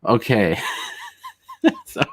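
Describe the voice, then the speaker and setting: Excitable male livestream host. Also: drawn-out words. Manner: chatty, excitable, laughs often, rising to shouts when riled. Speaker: streamer host reading chat. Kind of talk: casual livestream chat.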